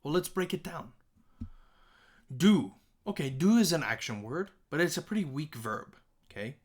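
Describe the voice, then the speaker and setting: A man teaching a songwriting lesson, explaining stressed syllables in an animated way and speaking example lines with strong emphasis. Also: on the high side, a little fast. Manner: restarts and self-corrections while explaining. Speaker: music teacher.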